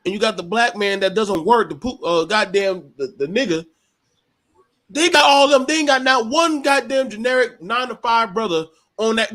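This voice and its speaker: A man's voice: sits high, a bit bright. A man hosting a podcast panel, ranting bluntly and swearing a lot. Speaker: podcast host. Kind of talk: heated panel discussion.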